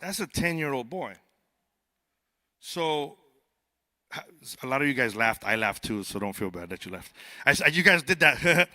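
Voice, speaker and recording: This border patrol agent, joking and chatting with a live crowd during a youth summit conference speech, has a mid-range, expressive voice with a sharp tone. He talks at a normal speed with long pauses and tends to repeat words at the start of sentences.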